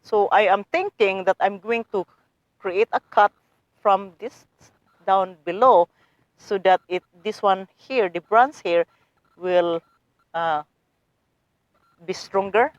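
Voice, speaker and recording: A woman's voice: medium pitch, takes it slowly, pauses often, no echo, lo-fi sound. A woman showing viewers her garden work in a casual how-to vlog, eager and chatty, often calling them guys. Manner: eager, addresses viewers as guys, non-native phrasing. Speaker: gardening vlogger.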